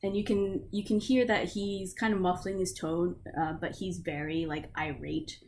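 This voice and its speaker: Lady game master narrating a tabletop game, lower voice, chill and rambly, faint hum behind. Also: steady tone, normal speed, darkish tone. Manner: casual, filler-heavy narration.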